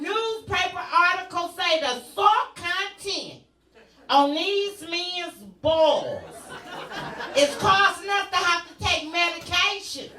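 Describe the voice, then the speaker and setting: A woman's voice: very high voice, lively intonation, slow pace, pushed and bright, reverberant, recorded from a distance, a faint crowd, slight background noise. A woman performing a stand-up comedy set, telling brash, bawdy stories with punchy repetition. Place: comedy club stage.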